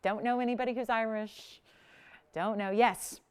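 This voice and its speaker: A woman's voice: fairly high pitch, steady tone, normal speed, smooth. A woman hosting a live jewelry shopping show, chatty and enthusiastic, laughing often as she sells.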